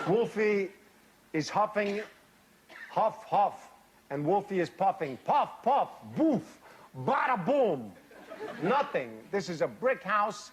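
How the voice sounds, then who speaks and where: A man giving a comic fairy-tale reading to a live audience, deadpan, with odd pauses and dry asides. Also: sits high, a little hiss or hum. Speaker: storyteller. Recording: live stage reading, loud audience laughter.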